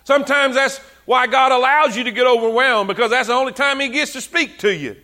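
Preacher guy, kinda high voice, bright and punchy, keeps repeating himself and getting fired up. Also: a little fast. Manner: fervent, repetitive, conversational. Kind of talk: sermon.

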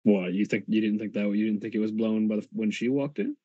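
A man's voice: lowish voice, a little fast, dry recording, lo-fi sound. A man playing a tabletop roleplaying game, talking in a brash, teasing way. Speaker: player. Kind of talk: casual chat.

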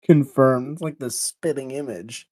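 A man co-hosts a film podcast in loose, casual conversation. He banters playfully and reacts with quick exclamations, his pitch sitting mid-range. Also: mellow. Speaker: podcast co-host.

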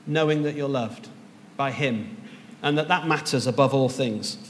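A man's voice: medium pitch, a little slow, big-room sound, a little hiss or hum. A man preaching a sermon as pastor, earnest and rising to emphatic peaks.

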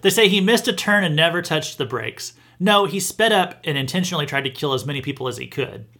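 A man's voice: a little high, sharp tone. A man hosting a podcast, giving indignant news commentary with emphatic restarts. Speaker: podcast host.

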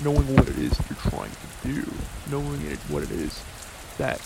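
A man's voice: mid-range voice, big pitch swings, moderate pace, creaky, heavy background noise. A man giving an earnest, philosophizing monologue, thinking aloud with asides and fillers. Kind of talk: reflective motivational monologue.

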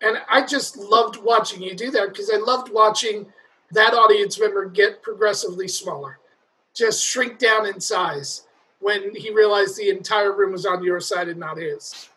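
A man's voice: high-pitched, moderate pace, bright, forceful tone, poor audio. A man hosting a comedy interview show, asking admiring, enthusiastic questions in casual chat. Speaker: podcast host.

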